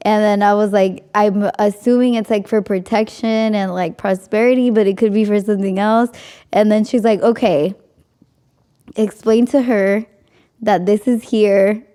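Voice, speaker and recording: A woman's voice: medium pitch, steady tone, normal speed, warm tone, smooth. A young woman hosting a podcast, telling a story in casual chat, with lots of "like" and frequent laughs. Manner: chatty, frequent "like", laughs often. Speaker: podcast host.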